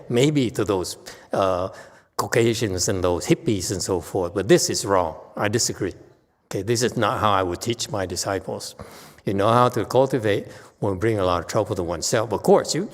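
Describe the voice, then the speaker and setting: A man's voice: mid-range voice, in a large hall. A man teaching as a Buddhist master in a dharma lecture, blunt and dismissive, brushing off questions with impatience.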